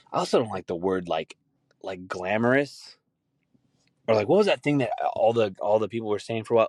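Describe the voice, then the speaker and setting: Profane, ranting man, low voice. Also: lively intonation, moderate pace, darkish tone, no room sound, clean studio sound. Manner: profane, ranting, laughs easily. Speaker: podcast host. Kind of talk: casual chat.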